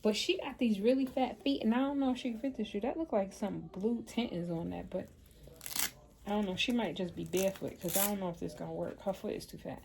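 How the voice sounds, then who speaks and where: A woman's voice: medium pitch, brisk, vocal fry, a little mellow, a little hiss or hum. A woman, chatting candidly to her viewers and telling stories from her day. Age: 50s. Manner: candid, storytelling, talks straight to viewers. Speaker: vlogger and mother. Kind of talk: casual chat to camera.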